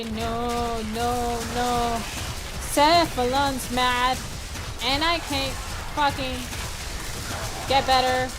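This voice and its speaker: A woman livestreaming a game, chatting casually with her viewers; she is excitable, swears freely and laughs often. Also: fairly high pitch. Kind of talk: casual gaming livestream chat.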